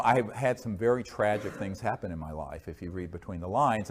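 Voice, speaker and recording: Low male speaker, earnest lecture Q&A delivery, halting fillers. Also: a little mellow. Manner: earnest, unhurried, many fillers and restarts. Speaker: speaker answering audience questions. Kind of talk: lecture and Q&A talk.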